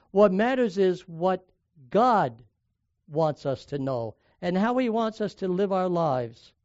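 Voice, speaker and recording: An older man from the United States preaches in a fairly high voice, spinning personal stories and leaning hard into some lines while dropping others low. The recording is dry and a little muffled, with no room sound. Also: a little mellow, no room sound. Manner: conversational storytelling, varies volume for emphasis. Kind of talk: sermon with personal story.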